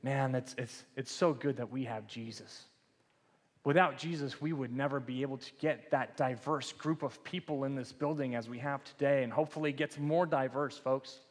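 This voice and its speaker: A man's voice: medium pitch, moderate pace. Casual preaching man in a reverberant church. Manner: casual, joking, conversational preaching. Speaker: pastor. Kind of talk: sermon. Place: church sanctuary. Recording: long church hall reverb.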